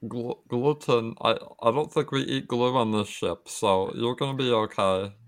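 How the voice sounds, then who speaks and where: A man's voice: mid-range voice, fairly even intonation, normal speed. A man playing a tabletop game with friends, asking dry, wry questions. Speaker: player. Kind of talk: casual tabletop game play.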